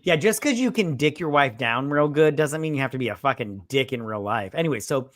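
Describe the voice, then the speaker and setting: A man co-hosting a casual movie review chat, animated and profane, acting out the characters as he retells scenes. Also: medium pitch, brisk, no room sound. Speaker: podcast co-host.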